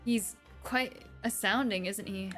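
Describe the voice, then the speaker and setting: A woman's voice: medium pitch, slow, fairly bright tone, soft background music. Woman reading as polite earnest young lawyer. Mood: courteous. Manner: earnest, courteous.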